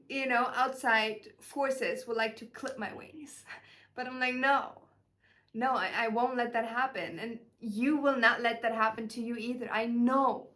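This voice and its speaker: Gushing, higher-voiced woman channeler. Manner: gushing and filler-heavy, warmly emotional. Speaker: spiritual channeler. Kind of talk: casual spiritual message vlog.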